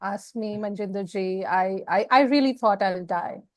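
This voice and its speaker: A woman speaking as an interview guest, telling a personal story in a frank, emotional, expressive way. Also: medium pitch, moderate pace, no echo.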